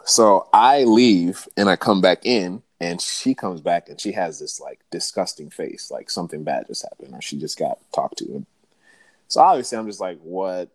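A man telling a story in casual chat, animated and slangy, acting out what people said. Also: deep voice, normal speed, no echo. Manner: animated storyteller, slangy, acts out quoted dialogue.

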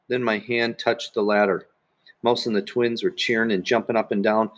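A man reading a children's book aloud in the first person, in a plain, steady voice. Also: on the low side, moderate pace. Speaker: audiobook narrator. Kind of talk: first-person storybook narration.

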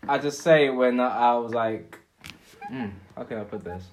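This is an earnest young man on a casual podcast who often repeats himself while he hunts for the right words. His voice sits at an ordinary pitch, with faint noise in the background. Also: normal speed. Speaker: podcast co-host. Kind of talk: casual chat.

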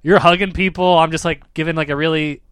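A man co-hosting a podcast in casual chat, animated and jokey, acting out quotes as he recounts events. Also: a little high, fast, clean tone, no echo. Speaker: podcast co-host.

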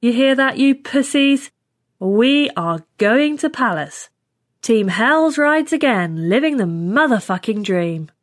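A woman voicing a brash, tough woman space freighter pilot who talks loud and crude. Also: mid-range voice, normal speed, dry recording, studio quality, natural voice. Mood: rowdy.

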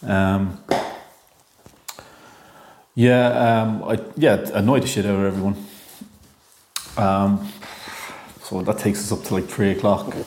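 Irish man in his thirties, lowish voice, hesitant, jokey, echoey room. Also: level tone, slow pace, long pauses, darkish tone. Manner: hesitant, full of ums, jokey. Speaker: monologue talker. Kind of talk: rambling imaginative monologue.

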